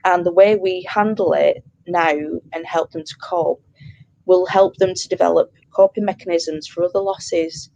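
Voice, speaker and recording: A woman in her thirties, a pet bereavement counsellor, talking earnestly and warmly in an interview, with many fillers and restarts. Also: lowish voice, fairly even intonation, normal speed, vocal fry, highs cut off. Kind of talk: interview conversation.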